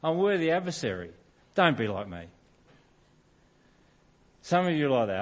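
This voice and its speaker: A man's voice: on the high side, big pitch swings, moderate pace. A middle-aged man preaching a sermon in an informal, self-deprecating storytelling way, often restarting his sentences.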